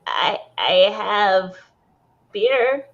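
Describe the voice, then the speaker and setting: A woman's voice: mid-range voice, very animated, extremely slow, fairly bright tone, dull audio, full character voice. A woman doing a sly, teasing bartender. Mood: amused. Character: mischievous teasing female bartender.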